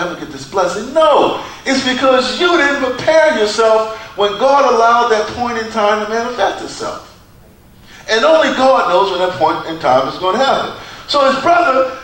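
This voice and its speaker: A man preaching a sermon in a church, with a preacher's cadence, dramatic pauses and repeated phrases. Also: very high voice, a bit bright. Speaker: pastor. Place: church sanctuary. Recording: echoey church from far off.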